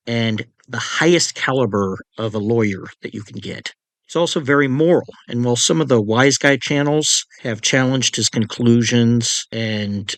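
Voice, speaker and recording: Male true crime narrator, chatty asides, mid-pitched voice, dry close sound. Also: dry recording. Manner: conversational, with personal asides. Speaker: narrator and author.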